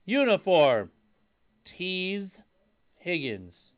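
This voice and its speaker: A young man hosting a casual live-stream card break, hyping each card with loud call-outs of player names. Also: sits high, sing-song, drawn-out words.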